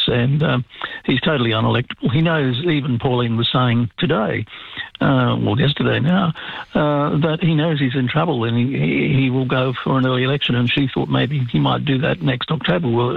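A man giving blunt political opinions in halting casual talk, full of fillers. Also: mid-range voice, gravelly, husky, no room sound. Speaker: caller or guest commentator. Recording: tinny phone line.

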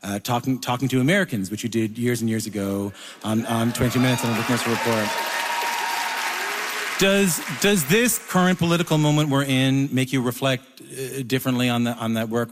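Man, interviewer, halting phrasing, average pitch, reverberant room. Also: a crowd in the background, background noise. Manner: halting, searching phrasing with restarts. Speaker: interviewer host. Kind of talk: interview questions.

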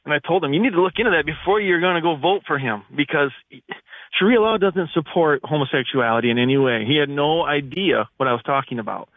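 Indignant male caller from Michigan, phone line, a bit higher voice. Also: lively intonation, quick pace, no room sound. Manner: indignant, rambling with restarts. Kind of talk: call-in radio talk.

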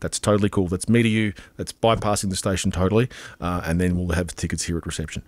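A man's voice: low-pitched, fast talker, dry recording. A man hosting a community radio show, chatting casually and animatedly with listeners about requests and local bands, close on a studio mic. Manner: animated, chatty, puts on voices in anecdotes.

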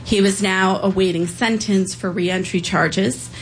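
A woman telling a serious personal story on stage, earnest and a little halting. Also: medium pitch, fairly even intonation, a little hiss or hum, poor audio. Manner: earnest, a bit halting with fillers.

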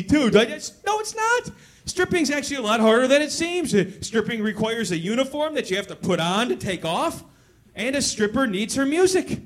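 A male comedian doing a crude stand-up set with a very high voice. He shouts his punchlines at the room. Crowd chatter and club noise fill the background. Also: lively intonation, moderate pace.

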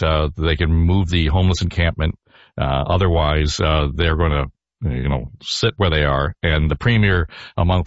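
Low-voiced man hosting a panel podcast. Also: no room sound. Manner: relaxed, chatty, with many filler pauses. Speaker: podcast host. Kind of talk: casual panel chat. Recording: dull, dry studio sound.

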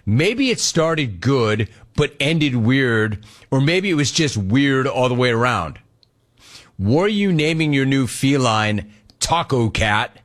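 Sports radio host answering listener mail. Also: male voice, medium pitch, sing-song, takes it slowly, fairly bright tone. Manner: storytelling, mimics people in anecdotes. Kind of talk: casual listener Q&A.

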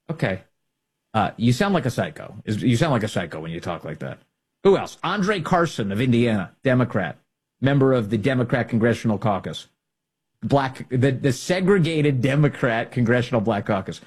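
A man's voice: medium pitch, very animated, normal speed, darkish tone, husky. A man delivering an emphatic, sarcastic political opinion monologue as a host. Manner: sarcastic, emphatic, with mocking quoted voices.

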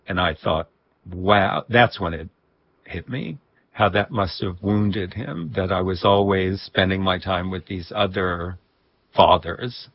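A man recalling personal memories in a reflective interview, with a husky voice and soft laughs. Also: deep voice, takes it slowly, no room sound, highs cut off. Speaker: guest. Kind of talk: reflective storytelling.

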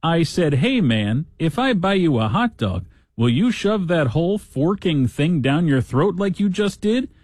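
A man voicing an excited male baseball fan who retells his story in amazement. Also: fairly high pitch, a little slow, hardly any pauses, no echo, clean studio sound, voice pushed up. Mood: incredulous.

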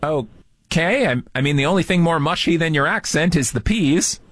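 A man's voice: fairly high pitch, animated, normal speed, a bit bright, dry recording, studio quality. A man hosting a radio show, bantering playfully with a caller and teasing them. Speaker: radio host.

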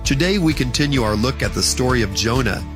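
A man announcing a religious radio program, reading a measured scripted introduction. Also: mid-range voice, animated. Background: guitar music.

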